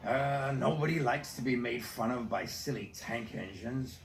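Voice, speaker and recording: A man voicing a gruff old sailor-talking engine. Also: medium pitch, unhurried, roomy sound, a little hiss or hum. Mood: glum. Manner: salty sea-dog phrasing. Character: gruff old male dockside diesel engine, sailor talk.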